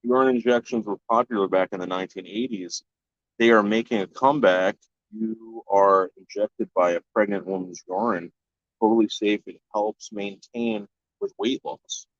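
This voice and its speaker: A man with a lowish voice chats casually on his stream and swears without a second thought. He restarts his sentences often and keeps talking bluntly to his viewers. The sound is dull and lo-fi, in a dry, dead room. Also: fairly even intonation, moderate pace, no room sound. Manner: blunt and profane, with frequent restarts. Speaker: live-stream host answering chat. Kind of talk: casual chat.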